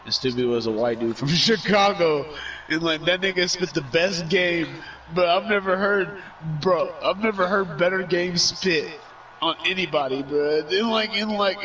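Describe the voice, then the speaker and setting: A man with a high, fairly bright voice streams while telling a long, rambling story, loaded with filler words and cursing. The casual storytelling is recorded with his voice somewhat far from the mic.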